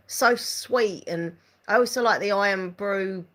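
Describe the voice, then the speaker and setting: A woman's voice: medium pitch, unhurried, fairly bright tone. A woman hosting a casual live-stream chat, giggling often and reading out viewer comments. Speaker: channel host chatting with live viewers.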